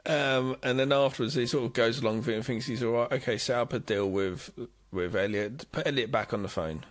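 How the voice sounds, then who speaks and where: A man's voice: mid-range voice, fairly quick. A man co-hosting a podcast, chatting casually about a film and mimicking its characters. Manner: animated, laughs and mimics characters. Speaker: podcast co-host. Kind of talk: casual film recap chat.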